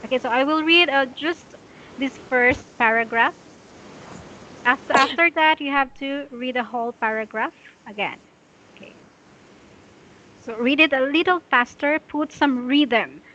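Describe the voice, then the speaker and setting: Slow, bright-voiced woman tutor. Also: high voice, dull audio, slight background noise. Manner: patient, corrective, many "okay"s. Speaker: English tutor. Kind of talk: online English lesson, correcting reading.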